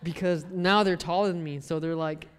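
A man preaching a sermon, telling personal stories in a lively way and acting out the voices of the people in them. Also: on the high side, moderate pace, clear, resonant tone. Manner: lively storyteller who acts out the people he quotes. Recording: long echo of a large hall.

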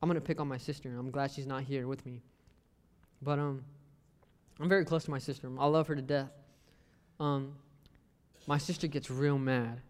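A man's voice: mid-range voice, fairly even intonation, moderate pace, long pauses, darkish tone. A young man giving a casual sermon, mixing scripture with joking stories about his family. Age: young adult. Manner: conversational, joking asides, acts out family quotes. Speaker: lay preacher. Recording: long reverb of a hall.

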